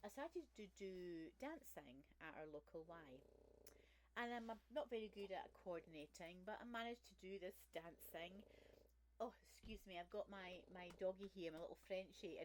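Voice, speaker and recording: Woman in her sixties, vlog host, frank and chatty first-person storytelling with humour, middle pitch, faint hiss behind. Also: animated, moderate pace, a little mellow, rough recording. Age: 60s. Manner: frank and candid, chatty with self-deprecating humour. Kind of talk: personal testimony monologue.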